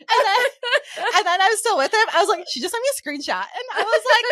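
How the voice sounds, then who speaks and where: A woman's voice: extremely high pitch, animated, quick pace, sharp tone, dry recording, clean studio sound. A young woman co-hosting a podcast in casual chat, teasing her friend, laughing and acting out what others said. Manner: teasing, laughs often, acts out quotes. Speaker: podcast co-host.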